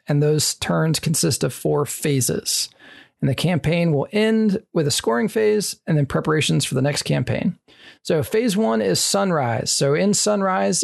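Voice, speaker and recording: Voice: mid-range voice, gravelly, a little mellow. A player explaining board game rules step by step, with frequent fillers, in a casual tone.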